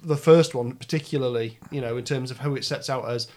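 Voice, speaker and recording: A man's voice: mid-range voice, fairly quick, a little mellow. A man hosting a casual chat, wry and self-deprecating, often trailing off with a laugh. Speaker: podcast host.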